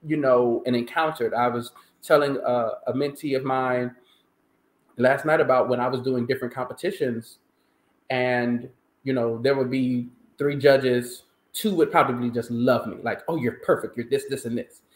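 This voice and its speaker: Animated man in a roomy, echoey space. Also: mid-range voice, normal speed. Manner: animated storyteller, emphatic. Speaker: countertenor singer, interview guest. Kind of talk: conversational interview. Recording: roomy echo.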